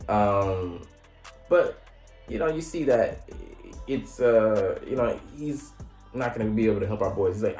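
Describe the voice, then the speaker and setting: A man giving a casual, slangy recap of an anime episode. He laughs often and jumps into high mock voices. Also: lively intonation, a little slow, darkish tone. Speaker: anime reviewer. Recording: roomy echo with faint music.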